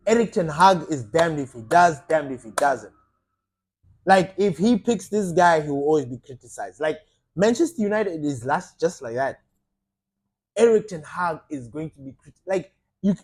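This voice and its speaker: Man, football fan vlogger, husky voice, opinionated rant. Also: high voice. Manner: animated, rhetorical questions, ranting. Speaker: football fan channel host.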